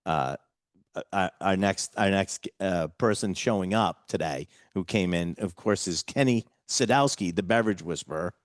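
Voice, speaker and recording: A man's voice: sits low, a little slow, dry recording, clean studio sound. A man hosting a casual radio talk show, chatting loosely and restarting his sentences often. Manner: chatty, rambling with many restarts.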